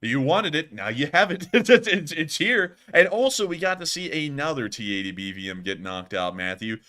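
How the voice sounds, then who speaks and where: A man hosting a live-stream war commentary, excited and joking, often laughing. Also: a little high, moderate pace. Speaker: host.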